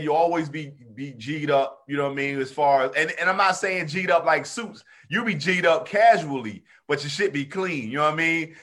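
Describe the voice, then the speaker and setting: A man in casual conversation as a comedian, telling stories animatedly and acting out crowd reactions. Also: a little high. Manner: animated storyteller, acts out crowd voices. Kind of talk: casual chat.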